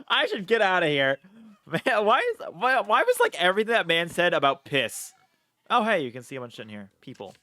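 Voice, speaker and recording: A man streaming a game live, excitable, swearing a lot and laughing often. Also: a little high, dry recording.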